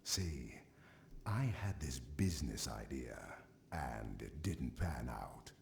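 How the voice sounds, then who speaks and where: A deep, gravelly, sheepish tavern regular. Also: male voice, expressive, slow, darkish tone, slight background noise, exaggerated voice. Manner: hesitant, apologetic. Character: worried male tavern regular asking favors. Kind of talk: game dialogue.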